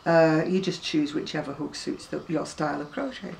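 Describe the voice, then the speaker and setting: A woman's voice: sits low, normal speed, gravelly, darkish tone. An older woman chatting casually to camera about her crochet, rambling and self-deprecating. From England. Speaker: crochet vlogger. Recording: distant mic with faint room noise.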